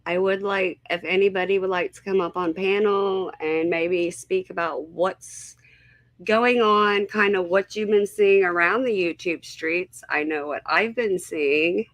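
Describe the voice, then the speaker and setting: A woman hosts a casual livestream at an unhurried pace, greeting her viewers by name one after another. She talks with a slightly unsure, easygoing manner. Her voice is dry and close, with no room sound around it. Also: on the low side, fairly bright tone, dry recording. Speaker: livestream host.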